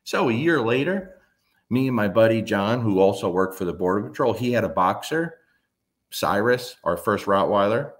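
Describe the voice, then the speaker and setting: A man who trains dogs, telling stories in a casual, animated way. He swears now and then and briefly acts out his dogs and friends. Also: lowish voice, normal speed. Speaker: dog trainer. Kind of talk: casual storytelling talk.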